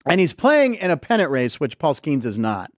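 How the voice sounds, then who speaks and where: A man's voice: a little high, wildly swooping pitch, moderate pace, dry recording, studio quality. A man hosting a casual sports comedy show, chatty and jumping between topics, laughing often. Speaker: host. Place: live studio show.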